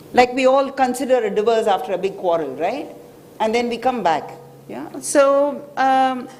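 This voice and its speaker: Indian woman giving a finance talk on a mic, animated, keeps asking "right?", bit of hiss. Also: a little high. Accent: Indian English. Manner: lively, explanatory, frequent "right?" checks. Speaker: financial expert speaker. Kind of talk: public talk with Q&A. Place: hotel event hall.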